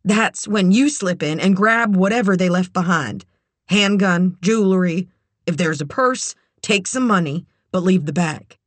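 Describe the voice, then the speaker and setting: A narrator voicing a nervous, eager young woman in an audiobook, with a higher, quick and hesitant way of talking. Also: expressive, no room sound. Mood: determined.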